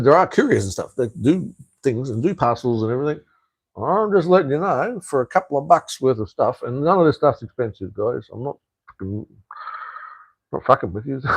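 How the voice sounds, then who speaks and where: A man's voice: medium pitch, expressive, fairly quick, a little mellow, husky, no room sound. An Australian man hosting a casual live stream, chatting in a rambling way, swearing freely and answering viewer comments with lots of fillers and restarts. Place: home in Cambodia.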